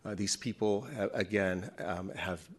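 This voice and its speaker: A man speaks at a city commission podium in a very low voice. He is earnest and measured, laying out a formal complaint with steady seriousness. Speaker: executive director of an employee association, public commenter. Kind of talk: formal public comment at a city meeting.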